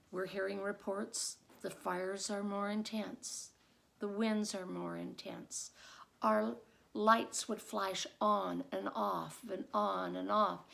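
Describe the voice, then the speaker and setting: A middle-aged woman, a former teacher, telling a personal story with vivid, dramatic pacing that builds into loud excitement. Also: medium pitch, vocal fry. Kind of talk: told personal story at a contest.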